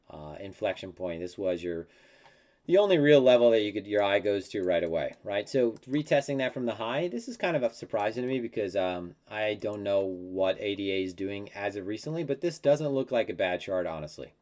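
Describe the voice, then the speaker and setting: A man with a lowish voice rambles easily through his crypto charts on a live analysis stream. He slips into offhand mock quotes and talks it out as he thinks. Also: normal speed, a little mellow. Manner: rambling and conversational, with many fillers and mock quotes.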